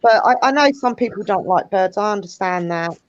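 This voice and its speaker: A woman's voice: medium pitch, expressive, brisk, no room sound, dull audio. A woman hosting a casual chat, talking at length in a rambling, chatty way. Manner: chatty, rambling, fond of birds. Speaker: host.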